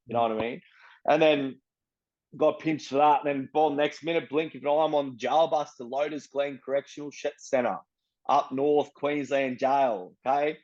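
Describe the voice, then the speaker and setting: A man's voice: medium pitch, moderate pace. Profane young Australian man, muffled sound. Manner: blunt and profane, street slang, animated retelling. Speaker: interviewee. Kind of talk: casual storytelling.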